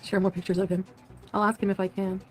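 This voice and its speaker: A woman's voice: mid-range voice, little pitch movement, fast, darkish tone, soft background music. A woman on an archived live stream, answering her chat with giggles and evasive replies. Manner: giggly, evasive, keeps things private. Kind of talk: casual live stream chat, played in a reaction.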